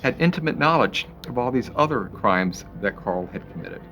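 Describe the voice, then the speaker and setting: A man's voice: medium pitch, animated, moderate pace, fairly bright tone, faint music behind. A man who worked as a police investigator, recounting the case in a conversational interview and acting out what people said. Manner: conversational, retelling with quoted voices and small laughs. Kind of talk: interview recollection.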